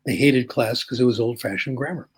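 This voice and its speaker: An older man, a linguistics professor, explains ideas and tells anecdotes in an interview, often checking in with a quick "okay?". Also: mid-range voice, breathy edge.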